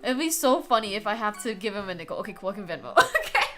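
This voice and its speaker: A woman's voice: mid-range voice, sing-song, fast, over loud music. A young woman streaming live, chatting casually and playfully with viewers, teasing, giggling and hamming up mock drama.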